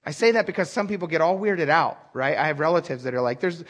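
This male pastor preaches in an animated, conversational way, frequently putting direct questions to the congregation. His fairly high voice sounds husky and breathy, and he talks at a quick pace.

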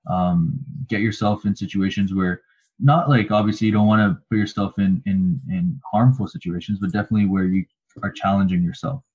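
Husky-voiced man musing casually. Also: on the low side, darkish tone, muffled recording. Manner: reflective, rambling with fillers. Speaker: podcast co-host. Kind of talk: casual chat.

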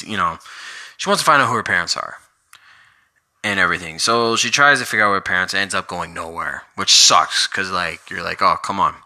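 A man vents his opinions on a movie in a loose, rambling rant. His voice sits fairly low but has a very sharp, bright edge. He keeps piling on fillers and sounds exasperated throughout. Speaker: vlogger reviewing a movie. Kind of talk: casual rant.

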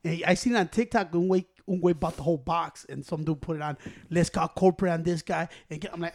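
A man's voice: on the high side, fast talker, gravelly, few pauses, darkish tone. A man telling a profane story in casual chat, switching into Spanish and acting out the people in it. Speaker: storyteller among friends.

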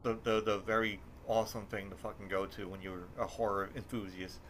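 A man's voice: fairly low pitch, fairly quick, a little hiss or hum. A man hosting a podcast, telling a rambling, profane story in casual chat. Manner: rambling, profane, animated when telling stories. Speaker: podcast host.

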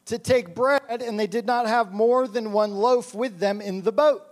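Guy preaching hard, pretty high voice for a man, all fired up. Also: a little slow. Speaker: pastor. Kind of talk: sermon with scripture reading.

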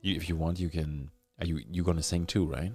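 A man's voice: sits low, fairly even intonation, a little fast, a little mellow, soft background music. A man hosting a podcast, chatting in an upbeat, encouraging way with short fillers. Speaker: podcast host. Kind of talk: casual chat.

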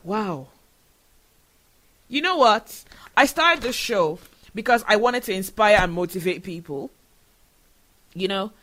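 Earnest man, high bright voice. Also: expressive, slow, pauses often. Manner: earnest and emotional. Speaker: show host. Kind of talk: solo podcast commentary.

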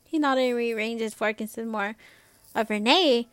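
A woman's voice: on the high side, steady tone, fairly quick, clean tone. A young woman reading a novel aloud in a casual way, stumbling now and then. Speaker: reader.

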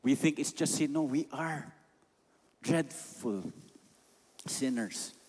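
A man's voice: mid-range voice, slow pace, a little mellow, breathy edge. A man with a Filipino accent preaching a sermon emphatically, slipping Tagalog phrases into his English. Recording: long reverb of a large hall.

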